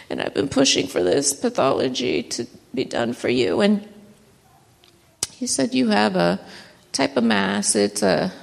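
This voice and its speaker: Emotional woman, gravelly, reverberant hall. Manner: emotional, voice rising high and breaking when moved. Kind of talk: personal testimony.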